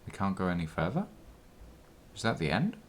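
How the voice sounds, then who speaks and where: A man's voice: deep voice, huge pitch swings, a little fast, slight background noise. A man streaming a game live, thinking aloud and reading the game's text aloud between short reactions.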